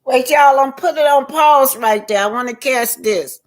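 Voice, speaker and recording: A woman's voice: sits high, normal speed. A woman giving casual vlog commentary on show clips. She talks emphatically, speaks straight to her viewers and repeats her points.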